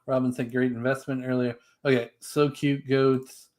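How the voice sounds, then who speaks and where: A man's voice: medium pitch, little pitch movement, moderate pace, a little mellow. A man co-hosting a live stream, casually reading viewer comments and chatting about upcoming videos. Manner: easygoing, reads comments aloud.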